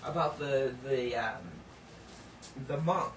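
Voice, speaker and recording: A woman giving sermon-style Bible teaching, earnest and emphatic, lifting some lines high and dropping others low and hushed. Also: takes it slowly, reverberant, recorded from a distance, very noisy.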